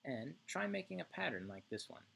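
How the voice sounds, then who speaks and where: A man's voice: medium pitch, very animated, brisk, gravelly, a bit bright, a little hiss or hum. A male music teacher giving an online lesson to young children, chanting rhythm syllables and checking in often with "right?".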